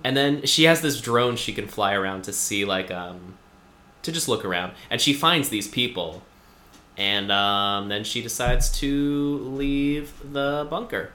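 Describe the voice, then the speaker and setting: A man's voice: medium pitch, unhurried, bright, forceful tone. A man casually recapping a TV episode in chat, rambling with lots of fillers and wry asides. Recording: echoey room recording.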